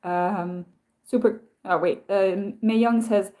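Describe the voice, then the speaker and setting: A woman's voice: mid-range voice, steady tone, slow, dark tone. A woman chatting casually on a live stream, telling stories in a rambling way with many restarts and answering viewer comments. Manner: rambling, self-interrupting storytelling with many restarts.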